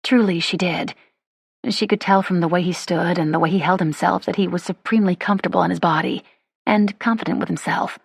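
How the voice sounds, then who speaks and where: Husky-voiced woman narrating an audiobook. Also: fairly low pitch, fairly even intonation, no room sound, clean studio sound. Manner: measured, wry storytelling. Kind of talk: scripted narration.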